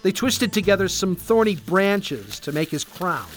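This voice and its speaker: A man tells a children's story at an unhurried pace, his voice rising and falling with expression. His pitch sits a touch high, and steady music plays beneath him. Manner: slow, expressive. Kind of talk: storybook narration. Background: background music.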